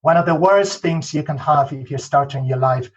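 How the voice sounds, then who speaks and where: A man's voice: fairly high pitch, normal speed, poor audio. Spanish-accented man telling stories. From Spain. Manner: peppers talk with "okay?" and "you know", frequent restarts. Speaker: podcast guest. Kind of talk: casual interview storytelling.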